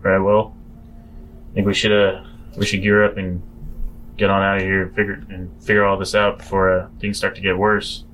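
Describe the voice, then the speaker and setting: A man speaking in character as a player in a tabletop game, earnest and a little halting, repeating words as he thinks. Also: sits low, completely flat delivery, fairly bright tone, a little hiss or hum, low-quality recording.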